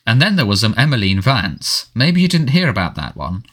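A man voicing a harried middle-aged male wizard minister who sounds defensive and fretful, talking quickly and pleadingly. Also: medium pitch, very animated, fairly bright tone.

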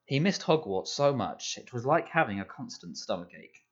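A man reading an audiobook aloud in a measured storytelling manner. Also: medium pitch, very animated. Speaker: audiobook narrator. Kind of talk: scripted narration. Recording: dull lo-fi audio.

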